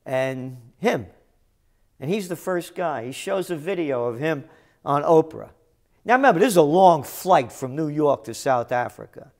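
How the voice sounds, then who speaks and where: A man who forecasts trends, giving a combative, sarcastic ranting commentary that bursts into shouted insults. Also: a little high. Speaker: trends forecaster and journal publisher.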